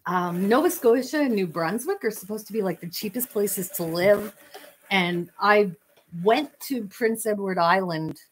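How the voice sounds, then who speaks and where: A woman's voice: medium pitch, a little slow, slight background noise. A Canadian woman hosting a fiber arts livestream, chatting casually with viewers in a rambling way and laughing often. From Manitoba, Canada.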